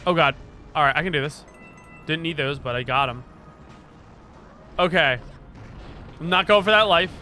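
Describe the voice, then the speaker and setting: A young man doing let's play commentary, excitable, swearing a lot and yelling at the game. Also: on the high side, moderate pace, long pauses, soft background music. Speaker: gaming streamer.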